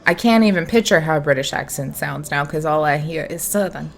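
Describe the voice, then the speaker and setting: A woman's voice: deep voice, brisk, gravelly. A woman narrating a tabletop game as game master, playful and laughing as she corrects herself.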